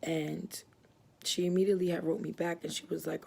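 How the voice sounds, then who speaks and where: A woman's voice: on the low side, level tone, brisk, vocal fry, warm tone, slight background noise. A woman giving a personal religious testimony, earnest and rambling, with many fillers and restarts, moved as she tells it. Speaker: church member giving testimony.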